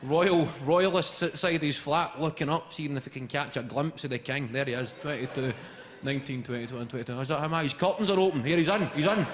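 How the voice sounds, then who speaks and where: A man with a Scottish accent performing a live stand-up routine, telling animated stories and laughing at his own jokes. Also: on the high side, brisk, a crowd in the background. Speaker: stand-up comedian. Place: large theatre stage. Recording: echoey hall, loud audience laughter.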